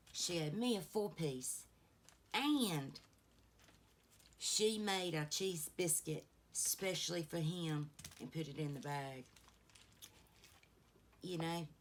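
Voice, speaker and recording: A faint hiss or hum sits under the low voice of a middle-aged beauty vlogger doing a casual get-ready-with-me chat. She rambles through stories with plenty of asides.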